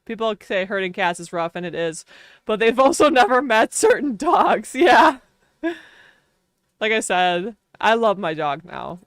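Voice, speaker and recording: A woman's voice: medium pitch, animated, moderate pace, no room sound, clean studio sound. A woman streamer telling a long casual story while gaming, chatty and full of fillers, laughing often.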